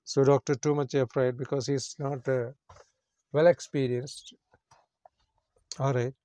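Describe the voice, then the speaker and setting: A male English teacher works through a story, reading a passage and then explaining its words. He speaks simple, non-native English at an everyday pitch and repeats each meaning. The sound is dry and close. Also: little pitch movement, a little slow, pauses often, mellow, dry recording.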